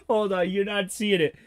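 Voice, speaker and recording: A man's voice: very high-pitched, no echo, studio quality. A man hosting a casual stream, chatting in a laid-back, profane way and laughing often. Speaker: stream host. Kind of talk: casual commentary chat.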